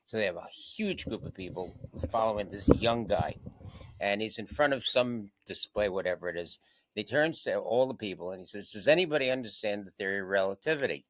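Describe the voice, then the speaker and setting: A man chatting as a guest on a local TV talk show, telling anecdotes with lively energy. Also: fairly low pitch, moderate pace. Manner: animated anecdotal storyteller. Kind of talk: casual chat, storytelling. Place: local TV studio.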